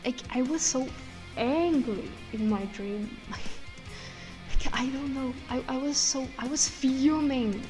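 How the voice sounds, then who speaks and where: A woman content creator casually telling the story of a dream, excited and tumbling, acting out what she said in it. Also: high voice, slow. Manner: excited, tumbling retelling with quoted inner speech. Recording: long reverb with faint music.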